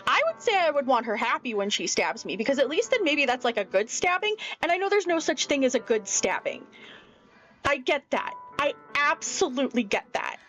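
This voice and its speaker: Woman streamer, anxious rambling game commentary, slightly high voice, muffled lo-fi mic. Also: very animated, fairly quick, fairly bright tone. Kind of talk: casual gaming commentary. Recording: dull lo-fi mic with faint music. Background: faint music.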